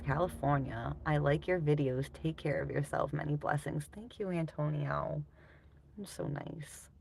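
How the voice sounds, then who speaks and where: A woman's voice: low-pitched, creaky, a little mellow, slight background noise. A woman casually chatting with viewers on a livestream, rambling loosely and swearing often while reading out comments.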